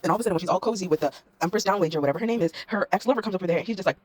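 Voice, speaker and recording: Young woman, rapid-fire slangy recap, dry close sound. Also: fairly low pitch, a little mellow, dry recording. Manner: breathless retelling, slangy, acts out characters with "she's like" quotes. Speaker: drama review vlogger. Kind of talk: fast slangy plot recap.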